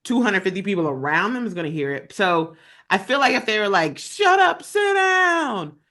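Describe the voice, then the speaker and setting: A woman's voice: lowish voice, lively intonation, fast talker, fairly bright tone. A woman co-hosting a comedy podcast, talking through her reasoning step by step. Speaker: podcast co-host. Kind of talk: casual podcast debate.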